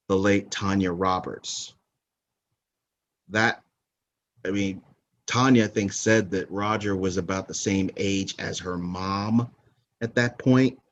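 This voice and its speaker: A man hosts a movie countdown podcast in casual, opinionated talk. His voice sits very low, and he takes his time. He wanders and corrects himself as he goes. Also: dull audio. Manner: rambling, opinionated, self-correcting. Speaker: podcast host.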